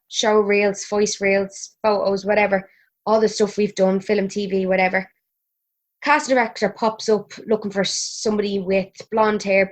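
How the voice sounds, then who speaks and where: A woman in her thirties with an Irish accent, chatting as a podcast guest, laughing and swearing freely. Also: mid-range voice. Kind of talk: casual chat.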